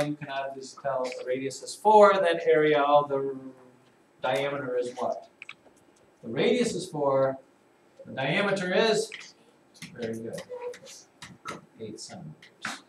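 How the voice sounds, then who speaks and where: A male math teacher leading a classroom lesson, slowly repeating key terms and calling on pupils by name. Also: on the high side. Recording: echoey classroom from far off with noise.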